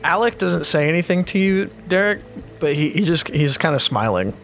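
A man's voice: on the high side, moderate pace, creaky, a little hiss or hum. Rambling male game master. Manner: relaxed, rambling, hesitant. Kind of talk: narrating a tabletop game.

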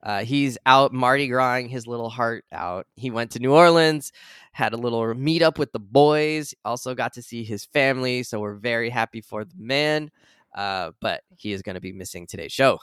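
A man's voice: mid-range voice, moderate pace, clear, resonant tone, dry recording, clean studio sound. A man in his thirties co-hosting a podcast, chatting casually and laughing often. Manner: laughs often, relaxed rambling. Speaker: podcast co-host. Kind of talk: casual chat.

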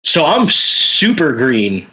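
A laid-back man tells a backstage story in casual chat, his voice bright and forceful. He swears freely and fills his talk with "like" and "you know.". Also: mid-range voice, huge pitch swings, slow pace, husky, low-quality recording. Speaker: podcast co-host, stagehand.

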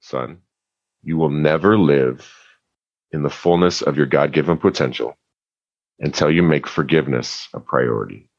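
A man voicing his soft-spoken father, who urges his son calmly and earnestly. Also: rumbling low, normal speed, gravelly, pauses often, voice pushed down, heavily acted. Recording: muffled lo-fi sound.

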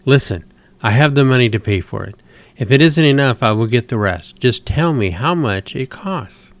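A man's voice: medium pitch, animated, normal speed, lightly acted. A man reading as an earnest little girl. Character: earnest eight-year-old girl, determined.

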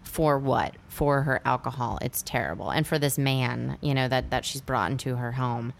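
Woman, low voice, chatty film recap, lots of "like". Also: normal speed, gravelly, slight background noise. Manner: animated retelling with many "like" fillers. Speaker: podcast co-host recapping a film. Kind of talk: casual chat.

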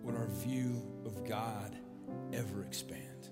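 A man serving as pastor preaches and leads his church in prayer, building with earnest repetition. His voice is lowish, slow and steady in tone, set in a large church with a balcony, with long church reverb and music.

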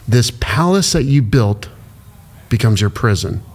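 A man being interviewed as an entrepreneur guest, speaking emotionally and haltingly with lots of fillers. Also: mid-range voice, animated. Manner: halting, heavy use of "like" fillers.

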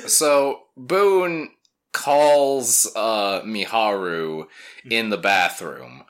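A man's voice: lowish voice, animated, very slow, a bit bright. A young man co-hosting a podcast, casually recapping a story with profane jokes. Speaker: podcast co-host.

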